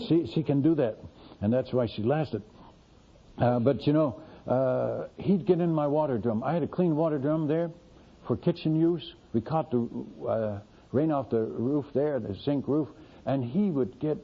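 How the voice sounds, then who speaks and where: An older man, a missionary preacher, telling a story in a folksy, animated sermon with asides to his listeners. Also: medium pitch, vocal fry, slightly rough. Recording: dull lo-fi recording.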